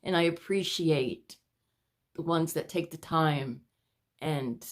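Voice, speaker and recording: Taking it slowly in a low voice, a woman vlogs from home and shows her paintings. She's out of breath as she chats casually to camera, rambling and apologizing to her viewers.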